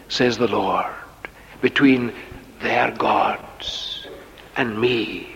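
A man preaching a Bible exposition in a sermon style, slow and deliberate, turning sharply mocking when he quotes. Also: medium pitch, fairly bright tone, long reverb tail. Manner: slow, deliberate, with dramatic sarcastic quoting.

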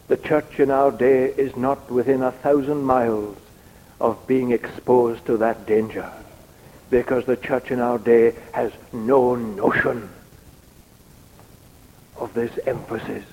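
A man preaching an expository sermon in a measured, deliberate way, pausing to read out quotations. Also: mid-range voice, darkish tone, big-room sound, rough recording.

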